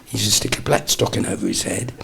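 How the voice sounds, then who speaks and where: A man in his sixties, a comedian guest telling lively anecdotes in an interview and dropping into quick impressions. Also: lowish voice, gravelly, a little hiss or hum. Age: 60s. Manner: animated storyteller, slips into quick impressions.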